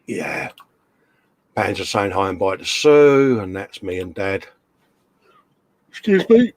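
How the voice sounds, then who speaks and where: A man's voice: low voice, unhurried, no room sound. A man hosting a casual live stream, chatting and reading out viewer comments in a jokey way.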